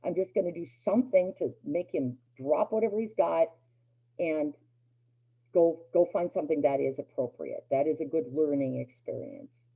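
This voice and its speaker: Talking casually at normal speed, an animated middle-aged woman with a husky, low voice teaches a dog obedience class. She fills her speech with fillers and keeps restarting and circling back. The audio sounds muffled and low-fidelity.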